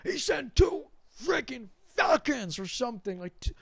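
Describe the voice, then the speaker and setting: A young man hosting a rambling, animated spiritual monologue in a slangy, casual way. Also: very high voice, unhurried, creaky, slightly rough, dry recording. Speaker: host.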